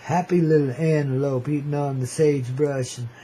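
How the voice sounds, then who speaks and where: A man's voice: on the high side, steady tone, moderate pace, warm tone, a little hiss or hum, rough recording. A man hosting a radio show, rambling in a playful, slangy, cosmic way and calling listeners "baby". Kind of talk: freewheeling hippie radio monologue.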